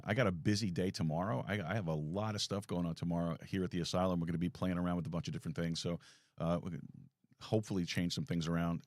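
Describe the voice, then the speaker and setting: Rambling talk show host, low voice. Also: male voice, a little mellow, dry recording, clean studio sound. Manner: rambling, self-deprecating, lots of restarts. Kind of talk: casual live talk show monologue. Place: small home studio.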